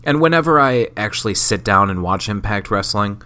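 Sick male podcaster, solo rambling monologue, swears and mocks himself; bright, edgy, low-pitched voice. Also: lively intonation, a little fast. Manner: rambling, profane, self-mocking. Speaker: podcast host.

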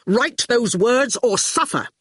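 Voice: medium pitch, animated, takes it slowly, a bit bright, breathy edge, dry recording, clean studio sound, pitched above the performer's own voice, full character voice. Reader putting on Archer, a breezy scheming man. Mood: threatening. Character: cheerful scheming grown man who bullies. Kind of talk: audiobook character voice.

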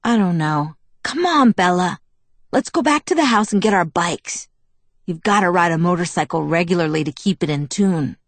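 A woman's voice: lowish voice, expressive, normal speed, dry recording. A woman voicing an earnest, protective young man in an audiobook, speaking with impassioned, pleading intensity. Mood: coaxing. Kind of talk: audiobook character voice.

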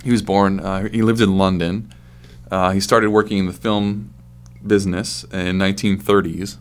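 A deep-voiced man co-hosts a casual podcast at a normal speed, chatting and joking while reading out news between jokes. Relaxed in manner, he puts on silly accents.

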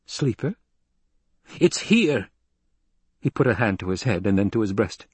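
A man narrating an audiobook in a measured, dramatic storytelling manner with a husky voice. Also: lowish voice, darkish tone, dry recording.

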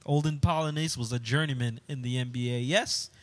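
A man's voice: medium pitch, fairly even intonation, brisk. A man co-hosting a casual sports talk show, upbeat and laughing often as he moves between segments. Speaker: podcast co-host.

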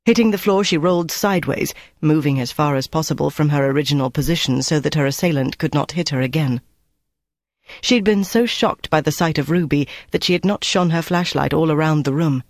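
A man reading a novel aloud in steady, measured scripted narration. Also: on the high side, no room sound, clean studio sound. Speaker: audiobook narrator.

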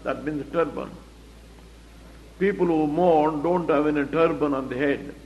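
A man's voice: fairly high pitch, fairly even intonation, unhurried, a little mellow. A man teaching the Bible verse by verse, explaining it plainly and asking rhetorical questions. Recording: echoey hall, dull lo-fi recording.

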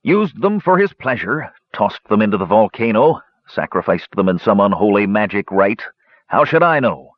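A man doing a gruff scornful dwarf. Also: lowish voice, big pitch swings, moderate pace, dry recording, dull audio. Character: gruff proud old male dwarf warrior.

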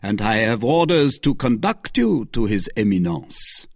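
A man's voice: lowish voice, big pitch swings, a little slow, gravelly, no echo, clean studio sound, heavily acted. A man voicing a stern cardinal's equerry. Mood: commanding. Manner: formal, commanding.

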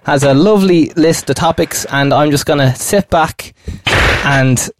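A man co-hosting a casual podcast, with a slightly high voice. He teases his co-host and swears freely. The recording is dry. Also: unhurried, no room sound. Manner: teasing, swears a lot. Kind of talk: casual chat.

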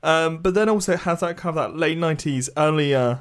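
A man's voice: on the high side, brisk. A young man co-hosting a casual podcast, hesitant and full of ums and restarts. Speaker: podcast co-host. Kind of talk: casual chat.

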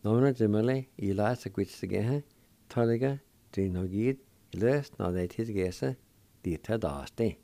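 A man's voice: fairly low pitch, moderate pace, dark tone, no echo. A man hosting a radio language lesson, patiently spelling words out syllable by syllable and encouraging his listeners to practice. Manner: encouraging toward learners. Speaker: radio host teaching Cherokee words.

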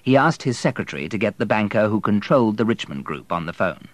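A man reading a novel aloud in steady, measured scripted narration. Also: lowish voice, no echo. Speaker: audiobook narrator.

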